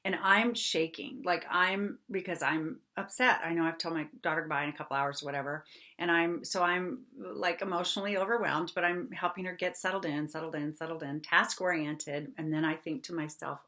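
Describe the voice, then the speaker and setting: A middle-aged woman hosting a podcast, telling a personal story in a lively, chatty way, laughing often and checking in with her listeners. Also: lowish voice, normal speed. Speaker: podcast host.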